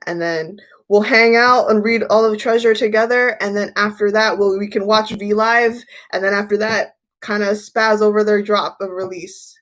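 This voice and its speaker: A woman's voice: medium pitch, steady tone, moderate pace, hardly any pauses, a bit bright. A woman hosting a tarot livestream, chatting casually and telling stories in a rambling way, often repeating herself. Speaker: tarot reader and livestream host.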